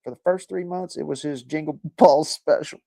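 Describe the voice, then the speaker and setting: A man's voice: on the high side, moderate pace, gravelly, warm tone, no echo. A man hosting a livestream, chatting casually and reading viewer comments, rambling, joking and swearing a lot. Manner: laid-back and rambling. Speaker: livestream host.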